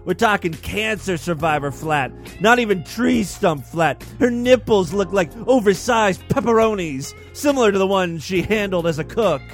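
A man's voice: high-pitched, animated, moderate pace, hardly any pauses, faint music behind. A man hosting a podcast and reading a story in a mock-dramatic, solemn narrating voice. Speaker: podcast host.

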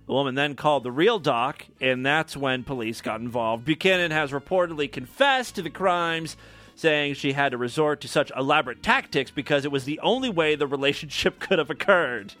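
A man's voice: on the high side, fairly quick, bright, forceful tone, faint music behind. A man hosting a podcast, giving casual news commentary with irreverent, crude jokes and frequent laughs. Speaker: podcast host.

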